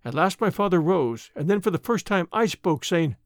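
A man narrating a classic tale as an audiobook reading, in an expressive, dramatic manner. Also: high voice, normal speed, no room sound, clean studio sound.

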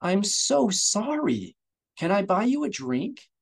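A man's voice: high voice, big pitch swings, takes it slowly, slightly rough, pitched above the performer's own voice, full character voice. A man voicing a sly young woman thief who gushes fake apologies in an embarrassed, breathless way. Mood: fake apologetic.

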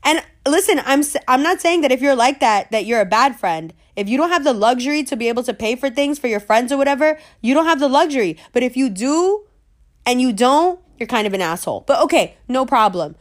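A woman telling a story in a blunt, profane way, repeating her points for emphasis. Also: high voice. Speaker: vlogger. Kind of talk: casual storytime rant.

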